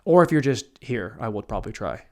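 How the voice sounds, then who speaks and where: A man's voice: on the low side, sing-song, a little fast, darkish tone. A young man hosting a solo podcast from a room at home, rambling crudely and mocking himself, swearing freely as he talks to no one. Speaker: podcast host.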